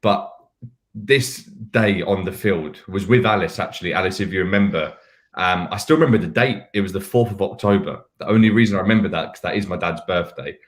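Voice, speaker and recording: A man, a podcast panelist, recounts old anecdotes in a relaxed, rambling way. His voice sits low and he keeps poking fun at himself between tangents. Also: a little fast. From United Kingdom. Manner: candid, rambling anecdotes with self-mocking asides. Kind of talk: casual podcast storytelling.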